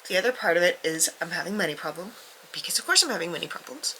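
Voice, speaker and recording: A woman's voice: on the low side, animated, rapid-fire, pushed and bright, a little hiss or hum, rough recording. A young woman talking candidly to camera in a casual book vlog, her voice stuffy from crying, self-deprecating and swearing freely, sometimes dropping to a near-whisper. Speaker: book vlogger.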